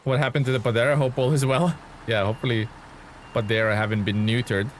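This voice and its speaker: A man's voice: medium pitch, level tone, quick pace, a little hiss or hum. A man streaming a truck game live, chatting casually with his viewers as he plays. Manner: chatty, greets and thanks chat while playing. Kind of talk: live gameplay commentary.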